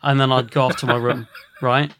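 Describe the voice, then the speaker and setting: A man, a podcast host, telling a rambling, animated story and swearing a lot. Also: mid-range voice, normal speed, no echo, studio quality. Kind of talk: casual storytelling.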